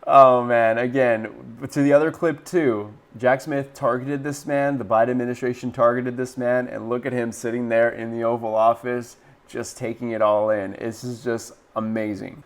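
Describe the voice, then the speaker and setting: Guy doing a news commentary channel, excited, laughing here and there, casual and chatty. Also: mid-range voice, moderate pace. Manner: enthusiastic, chuckles often. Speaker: political commentator.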